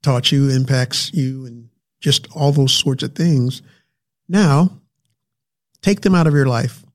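A man's voice: mid-range voice, takes it slowly. A man speaking earnestly in a casual local talk, emotional and often repeating his words. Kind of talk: casual chat.

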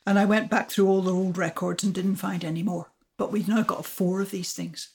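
An older woman, an astrophysicist guest, recounting her discovery in a measured, explanatory way. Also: medium pitch, fairly even intonation, darkish tone. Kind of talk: storytelling interview answers.

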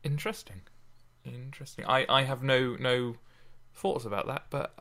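A man with a bright, clear tone, casually discussing poetry as a podcast host. He thinks aloud, stopping and restarting his sentences as he goes. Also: mid-range voice, steady tone. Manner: thoughtful, halting, with many restarts.

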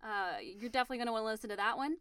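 A woman hosting a podcast, telling stories in a lively, chatty way with many fillers. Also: a little high, racing, smooth, dry recording. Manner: animated storyteller, many fillers. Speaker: podcast host. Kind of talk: casual chat.

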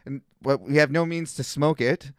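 A man's voice: mid-range voice, normal speed, no echo, studio quality. A young man telling a wild story in casual chat, rambling, laughing and swearing freely.

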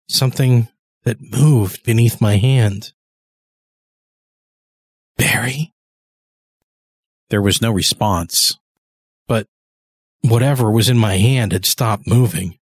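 A man reading a horror story aloud in first person, measured and often slowing down for tension. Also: dry recording, clean studio sound. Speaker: narrator. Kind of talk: scripted horror story narration. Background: faint cello and double bass score.

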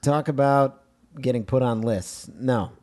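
A man co-hosting a movie podcast, chatting casually. He is joking and animated. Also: mid-range voice, measured pace. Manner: joking, animated, reads text with mock gravitas. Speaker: podcast co-host.

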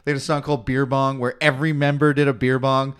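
Ein Mann aus Kanada, der als Podcast-Co-Host locker plaudert und seine Geschichte mit viel Fluchen und lebhaft nachgespielten Zitaten erzählt. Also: male voice, mid-range voice, fast, clear, resonant tone. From Canada. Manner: swearing storyteller, animated quoting. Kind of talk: casual chat.

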